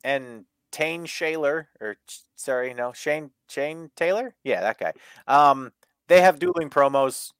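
A man hosting a casual wrestling review podcast, animated and profane, laughing often. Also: on the high side, measured pace, clear, resonant tone, no echo, clean studio sound. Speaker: podcast host.

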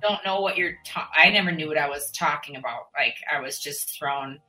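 Bright-voiced chatty woman podcast host. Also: low-pitched, normal speed, soft background music, low-quality recording. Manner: chatty, animated, rambling. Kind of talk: casual interview chat.

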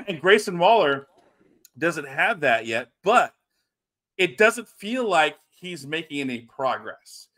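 A man from South Louisiana, co-hosting a casual wrestling podcast, animated and chatty. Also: on the high side, takes it slowly. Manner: animated, drops into mock Cajun voices. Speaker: podcast co-host.

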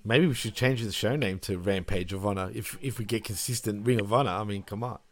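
A man's voice: fairly low pitch, a little fast. A man hosting a casual wrestling review podcast, recapping segments and swearing. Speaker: podcast host.

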